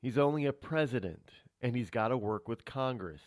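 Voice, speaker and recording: A man hosting a radio talk show, rambling through a solo monologue of political commentary with many restarts. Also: normal speed. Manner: rambling, restarts often, animated pitch swings. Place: radio studio.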